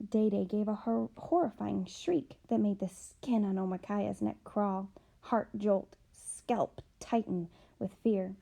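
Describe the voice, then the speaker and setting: A woman's voice: medium pitch, slow, gravelly, mellow. Woman reading a children's novel aloud. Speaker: audiobook reader. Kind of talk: expressive audiobook narration.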